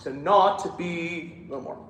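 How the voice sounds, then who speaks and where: A man's voice: fairly high pitch, moderate pace, a bit bright, roomy sound, big-room sound, a little hiss or hum. A man directing a choir rehearsal, giving instructions and singing lines himself to show how they should go. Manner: demonstrates lines by singing, counts in.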